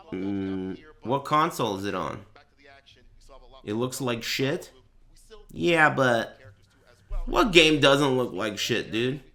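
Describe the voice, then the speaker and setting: A man hosting a livestreamed podcast in casual chat, telling stories animatedly with a lot of swearing and laughter. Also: medium pitch. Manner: profane, animated storytelling with frequent laughter. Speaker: streamer and podcast host.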